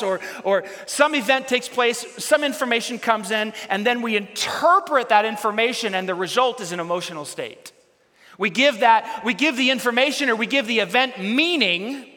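A man preaching a sermon as pastor, swinging between loud emphatic bursts and quiet storytelling. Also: sits high. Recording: long hall reverb.

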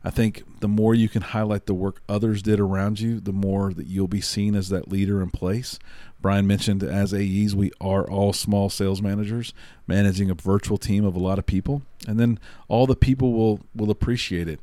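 A man's voice: fairly low pitch, level tone, moderate pace, dark tone, no echo. A man co-hosting a podcast, giving punchy, motivational tips and repeating catchphrases. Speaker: podcast co-host. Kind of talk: casual podcast chat.

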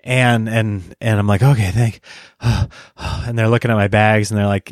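A middle-aged man telling a casual anecdote, acting out other people's lines in high, jokey voices. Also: steady tone, unhurried, no echo, clean studio sound. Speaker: storyteller.

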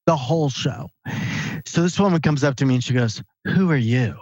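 A man's voice: on the high side, a little fast, no room sound. Emphatic guy on a podcast, dry dull audio, sounds like a call. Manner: animated, emphatic, conversational. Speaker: guest, author and speaker. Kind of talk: podcast interview storytelling.

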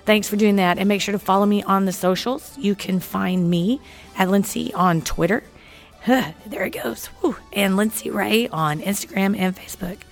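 A woman with a Texan accent hosting a podcast, chatting casually in a hoarse, croaky voice from a cold. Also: medium pitch, moderate pace, faint music behind. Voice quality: froggy, croaky. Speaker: podcast host. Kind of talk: casual chat.

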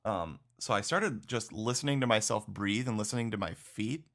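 A man's voice: fairly low pitch, moderate pace, fairly bright tone. A man co-hosting a podcast in casual chat, laid-back, laughing often and saying "dude" and "like". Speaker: podcast co-host.

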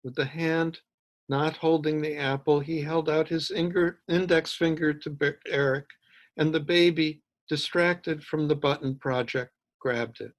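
A man reads his own short story aloud, his narration measured and even. He takes his time, and his voice sits a little high for a man. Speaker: author.

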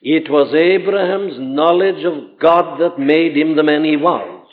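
Tinny old sermon recording, emphatic preacher. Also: male voice, fairly high pitch, a little slow. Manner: earnest, emphatic, rising to exclamations. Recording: tinny phone-like old hall recording with long reverb.

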